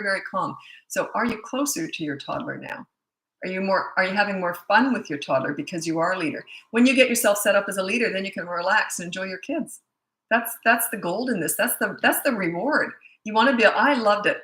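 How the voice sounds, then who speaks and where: A chatty woman in her sixties with a bright, forceful voice talks casually to her viewers as a parenting coach. She reads their questions aloud and laughs easily, and her voice rings in an echoey room. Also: mid-range voice, animated, quick pace. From Canada. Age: 60s. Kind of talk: casual live Q&A chat.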